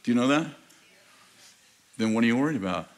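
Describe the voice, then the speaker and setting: A man's voice: medium pitch, expressive, brisk. An American man preaching a sermon as pastor, telling a story with laughter and acting out the voices of the people in it. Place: large church auditorium.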